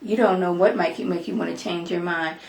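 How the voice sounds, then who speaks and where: Sly shady woman hissing a quiet threat, a lady doing the voice, echoey room. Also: fairly low pitch, steady tone, brisk, gravelly, distant mic. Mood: veiled threat.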